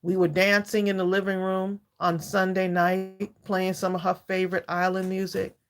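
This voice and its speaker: Her voice sits mid-range with little pitch movement and a normal speed. A woman in her sixties hosting a craft livestream, she greets viewers by name, chats heartfeltly, and often laughs between thoughts.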